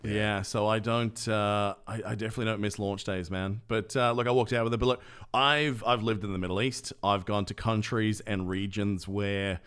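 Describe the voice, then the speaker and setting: Lowish guy on a podcast, chatty story, does little voices for people. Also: moderate pace, hardly any pauses, clear, resonant tone. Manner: animated storyteller who acts out other people's lines. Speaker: podcast co-host. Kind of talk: casual storytelling chat.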